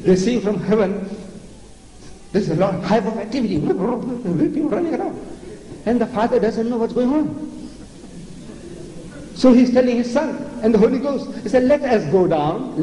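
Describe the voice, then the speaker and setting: A man's voice: sits high, mellow. An older man from South Africa giving a public religious lecture in a sarcastic, theatrical, mocking manner. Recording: echoey lecture hall with faint noise.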